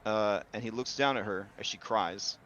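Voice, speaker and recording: A man narrates a tabletop game as game master in a casual, filler-heavy way. His voice sits fairly low, and the recording is slightly dull with faint hiss. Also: normal speed, fairly bright tone.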